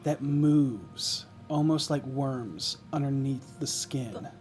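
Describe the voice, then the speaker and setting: A man narrating a tabletop game as game master, describing scenes slowly and thoughtfully with pauses. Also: mid-range voice, a little mellow, soft background music.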